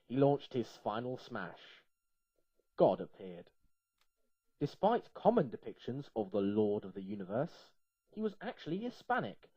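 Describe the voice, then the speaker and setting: Man, playful storyteller, bouncy pitch, dry and muffled. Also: dark tone, slightly rough, no echo. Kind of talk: reading an absurd comic story aloud.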